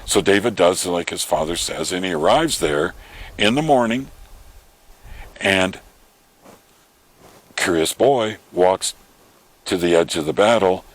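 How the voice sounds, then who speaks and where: Low-voiced man preaching a story. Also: slow, pauses often. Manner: animated retelling, acts out quoted voices. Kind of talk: storytelling sermon.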